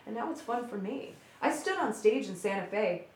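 A woman stage magician chatting casually as a podcast guest, telling stories with lively acted-out voices. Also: fairly high pitch, normal speed. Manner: animated storyteller who acts out quoted voices. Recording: roomy with faint background noise.

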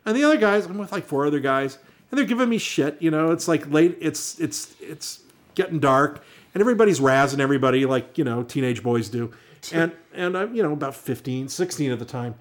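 High pitched guy telling a story, lively, does voices for people. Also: a little fast. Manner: animated, acts out quoted voices. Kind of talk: casual storytelling chat.

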